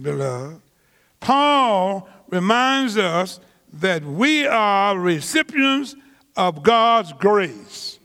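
Pastor, male, high voice, deliberate preaching pace, reverberant church sound. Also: fairly bright tone. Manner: slow, emphatic preaching with drawn-out words and repetitions; colloquial vernacular grammar. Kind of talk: sermon.

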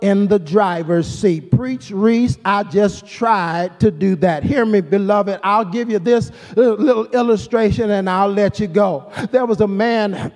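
Man preaching, high-pitched, sing-song cadence, repeated calls to listen, reverberant sanctuary. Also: unhurried, a little mellow, faint music behind. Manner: rhythmic preaching cadence with call-and-response phrases. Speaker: pastor. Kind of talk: sermon.

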